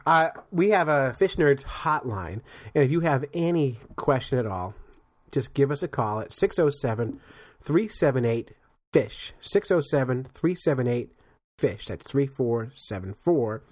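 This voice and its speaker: Male co-host, mid-pitched, animated storyteller with a swinging delivery. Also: a little slow, no echo, clean studio sound. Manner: animated storyteller, laughs often, acts out sounds. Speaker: podcast co-host. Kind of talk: casual chat.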